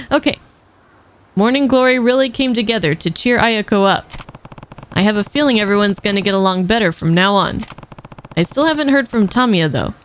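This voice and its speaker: A woman's voice: on the high side, expressive, unhurried, long pauses, no echo. A woman livestreamer giving playful, teasing gameplay commentary.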